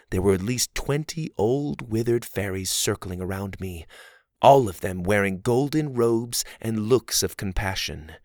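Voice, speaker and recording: A man narrating a fantasy story in the first person, dramatic, moving from hushed passages to loud, excited ones. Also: lowish voice, dry recording, clean studio sound.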